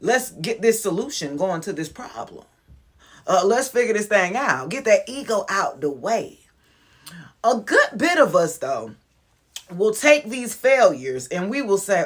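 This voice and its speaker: A woman in her forties giving a casual motivational talk to her viewers, frank and animated, with slang and cursing and frequent laughter. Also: fairly high pitch, moderate pace. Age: 40s. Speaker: motivational vlogger.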